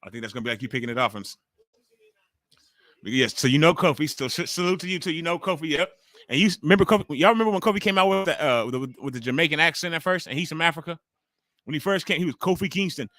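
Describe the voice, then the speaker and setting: A middle-aged male stream host with a sharp, forceful tone, chatting loosely with his viewers and swearing freely. His voice sits a little high for a man. It sounds close and dry, with no room echo. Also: animated, fast talker. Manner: loose, profane, talks straight to the chat. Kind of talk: casual watch-along chat with viewers.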